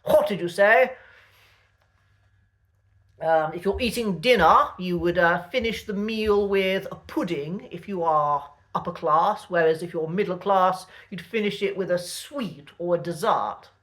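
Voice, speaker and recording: Male host teaching vocabulary, relaxed and conversational, often pausing to find his words. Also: sits high. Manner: unhurried, thinking aloud with pauses and restarts. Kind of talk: casual spoken lesson.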